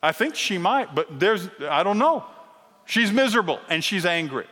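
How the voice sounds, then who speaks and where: A middle-aged man teaching a sermon-style lesson, animated and teasing, often checking in with the crowd. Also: high-pitched, moderate pace. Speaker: Bible teacher. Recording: long reverb of a large hall.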